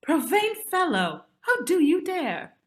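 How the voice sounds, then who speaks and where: A woman's voice: very high voice, sing-song, slow pace, heavily acted. A woman playing a proud, sleepwalking Tudor queen in an amateur online stage play, speaking in a commanding, scornful way. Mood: haughty. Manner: commanding, scornful, archaic theatrical speech. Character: imperious sleepwalking Queen Elizabeth I, haughty and sharp-tongued.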